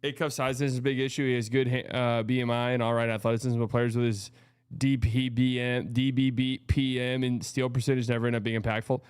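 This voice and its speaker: A man hosting a live watch party, reacting excitably to plays and chatting between them. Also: mid-range voice, a little fast, clean tone, no echo. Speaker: show host.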